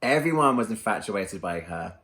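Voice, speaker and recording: Thirties male host, low voice, playful teasing tone. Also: sing-song, normal speed, bright, forceful tone. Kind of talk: casual chat.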